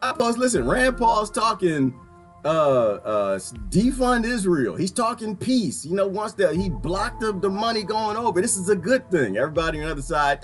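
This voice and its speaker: A man giving a casual, animated political rant to his viewers, laughing often and swinging between loud and quiet. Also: high voice, moderate pace, soft background music. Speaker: video commentator.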